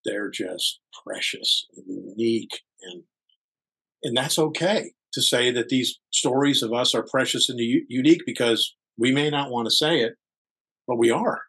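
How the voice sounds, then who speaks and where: Man, podcast co-host, earnest rambling chat, frequent laughs, mid-pitched voice. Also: normal speed, gravelly, a bit bright, breathy edge, low-quality recording. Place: hall.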